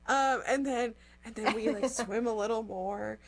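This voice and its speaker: A woman's voice: fairly high pitch, unhurried. Chatty young woman telling a story. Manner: animated, acts out quotes, says "like" often. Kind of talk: casual storytelling chat.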